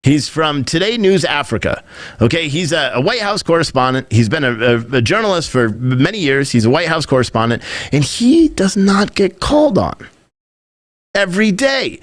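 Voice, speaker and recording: Male podcast host, rambling and opinionated, pitched a bit high, with a dry close-mic sound. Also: brisk, dry recording. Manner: animated, rambling, mimics others in quotes. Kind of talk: opinionated commentary.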